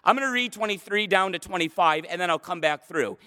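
High, bright-voiced preaching man. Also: animated, fairly quick. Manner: passionate, emphatic preaching. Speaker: pastor. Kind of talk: sermon. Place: church stage. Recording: long hall reverb.

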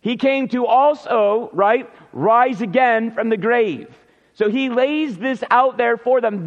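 High-pitched guy preaching a sermon, leans hard on key words, echoey church, kinda muffled. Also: measured pace. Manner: earnest preaching with emphatic repetition. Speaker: pastor.

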